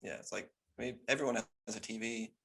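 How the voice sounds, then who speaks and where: A man's voice: fairly low pitch, fast talker, gravelly, a bit bright, breathy edge. A man co-hosting a podcast, chatting casually about a movie in an easygoing, agreeable way, with stammered restarts. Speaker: podcast co-host. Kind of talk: casual movie review chat.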